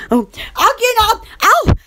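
A young woman chats on a live stream in an excitable, scattered way. Her voice is very high and swoops all over, with a bright, sharp edge. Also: slow, a little hiss or hum. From Alabama. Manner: excitable, scattered, greets viewers. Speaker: channel host. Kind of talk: casual live-stream chat.

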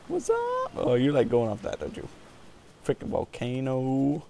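A man giving jokey, rambling let's-play commentary on a video game, with sudden whoops and yells. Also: mid-range voice, steady tone, moderate pace, gravelly, a little hiss or hum. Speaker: gaming video host.

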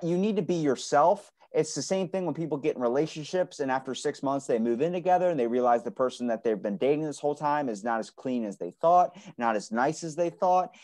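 A man's voice: on the high side, a little mellow. A man hosting a podcast in casual conversation, blunt and emphatic, swearing freely. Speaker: podcast host.

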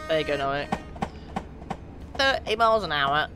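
A man from the UK chatting casually with his viewers during a live game stream, reading out their names and getting excited now and then. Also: a little high, unhurried, over music. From United Kingdom. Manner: chatty, reads out chat names, bursts of excitement. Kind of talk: casual gaming livestream chat.

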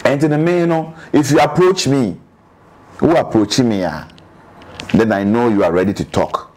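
A man's voice: mid-range voice, normal speed, a little mellow. A man from Ghana with a Ghanaian accent, talking casually as an interview guest in Dubai and switching between English and Twi with lots of restarts.

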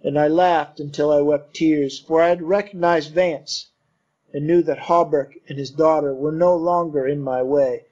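A man narrating an audiobook in a measured, steady storytelling voice. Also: fairly high pitch. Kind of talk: audiobook reading. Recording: dull lo-fi recording.

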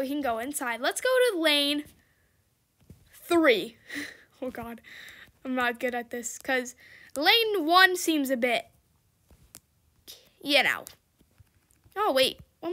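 A young woman chats through a game, swinging between laughter and loud frustration. Her voice sits high and bright, and she takes her time between words. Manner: frustrated, exclamatory, laughing often. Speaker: gamer. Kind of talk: casual gameplay commentary.

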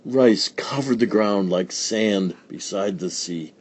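A man reading a children's picture book aloud in a slow, deliberate storytelling manner. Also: fairly low pitch, darkish tone, breathy edge. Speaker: storybook reader.

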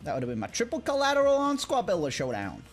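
A man's voice: sits high, huge pitch swings, fast, loud music behind the voice. A man bantering as a gaming opponent, teasing and jokey in casual chat. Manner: teasing, jokey, wildly swooping delivery.

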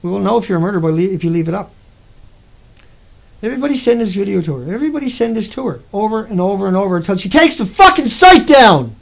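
A man with a Newfoundland accent hosts a livestream and rants in a heated, rambling, profane way. His voice sits high for a man and has a gravelly, fry-laden edge. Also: big pitch swings, fast talker. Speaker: livestream host. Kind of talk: angry livestream rant.

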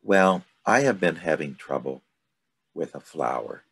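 A gentle, curious young prince from a star asks his questions with earnest wonder, as a man reading the storybook aloud puts him on. The voice rises and falls in a lively way, with a husky edge. The reading is unhurried. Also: extremely low pitch, heavily acted.

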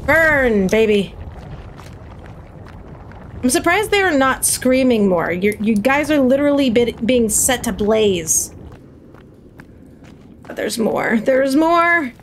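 A woman giving let's play commentary on a horror game, excitable and yelling mock exorcisms at the monsters. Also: on the high side, a little slow, a little hiss or hum. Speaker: gaming commentator.

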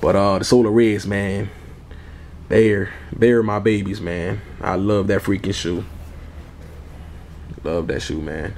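A man's voice: fairly low pitch, fairly even intonation, takes it slowly, gravelly, long pauses, darkish tone, a little hiss or hum. A man vlogging casually about his sneakers in a laid-back way, often tacking on "man" and chuckling. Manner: laid-back, repeats "man" and "you all" a lot. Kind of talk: casual chat.

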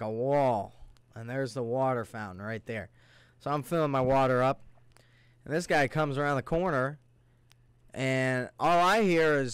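A man hosting a solo podcast, ranting in a rambling, profane way that swings from low mutters to heated outbursts. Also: fairly bright tone, smooth, no room sound. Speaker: podcast host. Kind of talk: casual solo podcast rant.

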